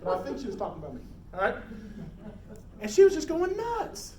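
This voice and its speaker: Animated male safety instructor, roomy hall. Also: very high-pitched, fairly quick. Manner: animated, quizzes audience, acts out scenes. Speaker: emergency preparedness instructor. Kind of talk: live classroom talk. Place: lecture room with audience. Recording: roomy hall, distant mic, faint noise.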